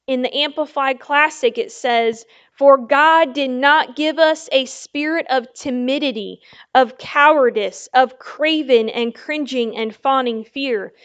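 A woman preaches a sermon in a high voice, taking her time over every phrase and pausing to ask her listeners for an amen. The sound is a little dull and lo-fi. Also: clean tone. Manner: slow, emphatic preaching with call-and-response "Amen?".

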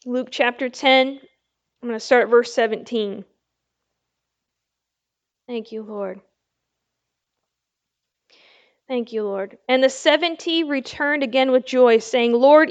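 A woman preaching a sermon, slow and emphatic, asking her listeners "Amen?" between points. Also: on the high side, steady tone, clear, resonant tone, muffled recording.

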